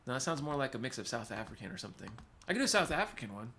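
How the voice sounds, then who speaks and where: A man's voice: medium pitch, sing-song, quick pace, bright, forceful tone. A man from California's Central Valley hosting a casual livestream, rambling, laughing often and reading chat aloud. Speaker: livestream host and musician.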